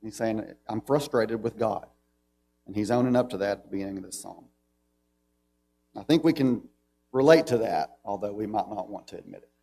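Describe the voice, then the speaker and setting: Low, mellow Southern man teaching Bible class. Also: brisk, creaky, a little hiss or hum. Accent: Southern American. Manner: conversational, reads scripture aloud with emphasis. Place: church classroom.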